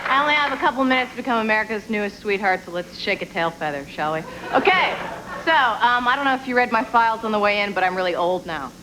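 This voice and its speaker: A woman in her twenties doing a stand-up set on a TV studio stage, with quick, self-deprecating and sarcastic delivery. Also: mid-range voice, animated. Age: 20s. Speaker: stand-up comedian. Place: TV studio stage with live audience. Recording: broadcast with audience crowd noise.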